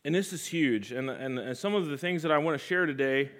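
A man delivering a sermon in a slightly high voice. He has his listeners repeat lines back to him and leans on repetition. His delivery swings from loud, raised passages to hushed, low ones. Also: fairly quick. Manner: congregation call-and-response, emphatic repetition; sweeping pitch and loudness swings between loud highs and hushed lows. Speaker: preacher.

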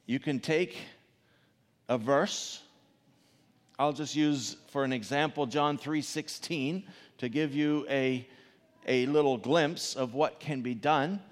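A man preaching a sermon, swinging from loud emphatic questions to soft, low asides. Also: takes it slowly. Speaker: pastor. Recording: long reverb of a large hall.

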